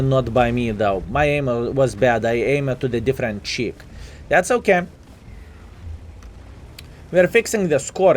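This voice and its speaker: A man's voice: mid-range voice, a little mellow, slight background noise. A man with a Lithuanian accent, a native Lithuanian speaker, giving chatty live gameplay commentary and calling his viewers "fellas", a bit sleepy. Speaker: gaming commentator.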